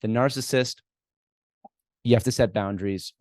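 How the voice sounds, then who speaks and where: A man's voice: mid-range voice, moderate pace, a little mellow, no echo, studio quality. A man speaking as a guest expert in an interview, giving direct, emphatic advice and acting out the lines he suggests people say. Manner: direct, emphatic, acts out what to say. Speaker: guest expert on workplace conflict.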